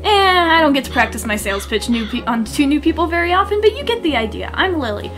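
Woman reading young flower shop girl, bubbly, high voice, game dialogue. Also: very animated, fast, over music. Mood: eager. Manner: bubbly sales pitch.

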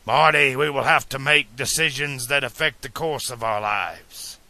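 A man's voice: mid-range voice, normal speed, bright, forceful tone, dry recording. A man reading an audiobook, voicing an eccentric older male scientist who speaks sternly and urgently. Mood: solemn.

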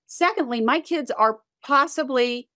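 A woman's voice: high voice, measured pace, sharp tone, dry recording, clean studio sound. A middle-aged woman, a company founder, telling her story in an interview and acting out the lines she quotes. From United States and Canada.

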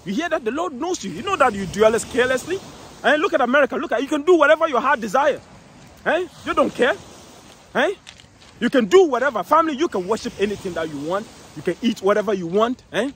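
A man preaching in the street, emphatic and repetitive, reading scripture slowly and calling out to listeners. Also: very high voice, expressive, a bit bright, a little hiss or hum. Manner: emphatic, repeats phrases, reads scripture slowly, calls out "eh?".

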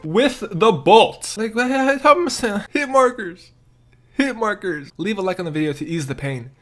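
A young man giving jokey gameplay commentary, trash-talking, boasting loudly and then grumbling under his breath. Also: high-pitched, normal speed, faint music behind. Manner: animated, jokey and trash-talking, swings between loud boasts and mumbled gripes. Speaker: gaming YouTuber.

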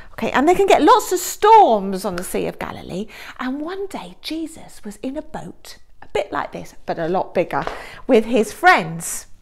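A woman presenting a children's assembly and telling a story in an expressive way, dropping to hushed whispers and then rising to excited, louder bursts. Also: on the high side, gravelly.

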